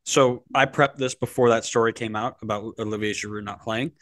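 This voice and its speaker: A man's voice: on the low side, steady tone, a little fast, fairly bright tone, dry recording. A man with a mid-range voice hosts a casual sports podcast, tossing prompts to his co-host and spinning into jokey riffs. His voice sits close and dry on the mic.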